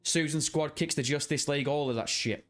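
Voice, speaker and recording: A man's voice: fairly high pitch, a little fast, fairly bright tone. A man hosting a casual livestream, jokey and rowdy, swearing freely and greeting chat members by name. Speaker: livestream host. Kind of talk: casual live stream chat.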